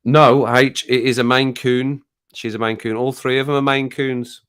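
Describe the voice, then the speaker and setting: Speaking at a normal speed in a smooth, slightly bright, medium-pitched voice with a level tone, this middle-aged man from England hosts a relaxed live chat. He reads comments aloud, laughs a lot and coos at his cat at home.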